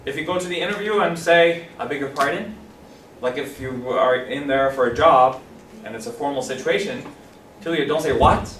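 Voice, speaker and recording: A man teaching an English class, animated, repeating phrases slowly and clearly for his students. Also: medium pitch, a little hiss or hum. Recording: roomy classroom from a distance.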